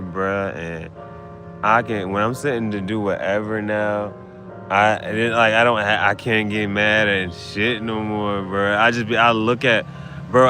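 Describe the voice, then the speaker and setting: A man's voice: lowish voice, bright, forceful tone. A man talking casually and emotionally, grieving, swearing and repeating himself in slang. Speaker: streamer.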